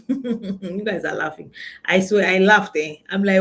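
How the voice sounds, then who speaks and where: A money coach with a Nigerian accent delivers an emphatic motivational talk, repeating key lines and putting questions to her listeners. Her mid-range voice is unhurried, creaky, and fairly bright, and she laughs often while telling anecdotes.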